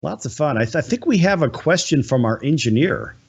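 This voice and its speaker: A male talk-show host with a slightly raised pitch welcomes viewers and guests in an eager, promotional way. The recording sounds a little dull and lo-fi. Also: lively intonation, vocal fry, darkish tone, breathy edge. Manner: enthusiastic, promotional, quick asides.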